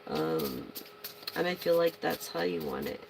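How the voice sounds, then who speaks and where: Woman doing tarot readings, lowish gravelly voice, super chatty, swears, gets loud and excited. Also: unhurried, noisy background. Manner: chatty, excitable, bursts into shouting; swears casually. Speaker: tarot reader. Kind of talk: casual tarot reading to viewers.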